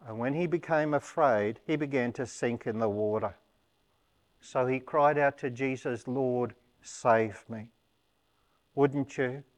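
A man delivering a sermon at an unhurried, deliberate pace, with a voice of ordinary middle pitch. He explains a passage point by point in a measured, teaching way. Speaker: preacher.

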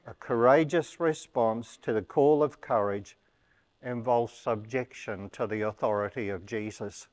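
A man preaching a sermon, explaining a scripture passage in a measured, teaching manner. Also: mid-range voice.

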